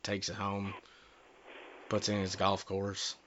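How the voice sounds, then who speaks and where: Low-voiced male prank caller, crude and brash, fake-polite; dry, muffled lo-fi sound. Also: completely flat delivery, a little slow, fairly bright tone. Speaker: prank caller and podcast host. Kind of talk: prank phone call. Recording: dull lo-fi recording.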